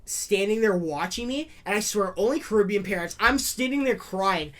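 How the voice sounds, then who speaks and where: Young man, podcast co-host, animated storytelling, loud high acted quotes. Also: normal speed. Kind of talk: casual chat, storytelling.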